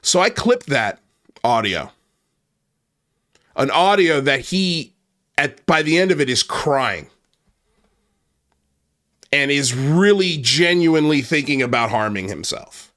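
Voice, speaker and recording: A man's voice: a little high, lively intonation, takes it slowly, pauses often, fairly bright tone. A man hosting an online commentary channel, ranting angrily with a lot of swearing and the odd repeated start. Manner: angry, profane, ranting; repeats himself and restarts when worked up. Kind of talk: heated online commentary rant.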